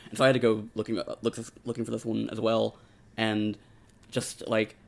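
Fast-talking man with a gravelly voice. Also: fairly low pitch, monotone. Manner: rapid, rambling with many "like"s. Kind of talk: casual chat.

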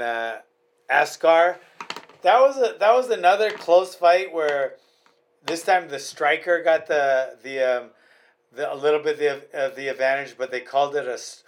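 A man chatting casually about fights as a podcast host, rambling and restarting his sentences often. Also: medium pitch.

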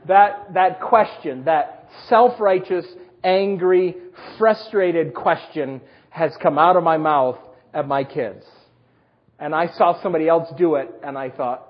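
A man preaching a sermon, telling personal stories with self-deprecating humor in a husky voice. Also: on the high side, lively intonation, slow pace, lo-fi sound. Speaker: pastor.

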